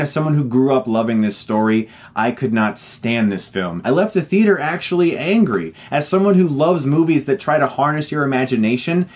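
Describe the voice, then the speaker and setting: Emphatic man reviewing a film. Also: medium pitch. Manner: emphatic, exasperated. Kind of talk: online movie review.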